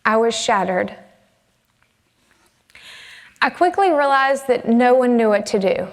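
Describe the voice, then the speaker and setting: A middle-aged woman from the American South telling a personal story from a conference stage, earnest and measured. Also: fairly high pitch, expressive, long reverb tail. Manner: earnest, measured, emotional retelling. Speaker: conference speaker. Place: conference stage in a large hall.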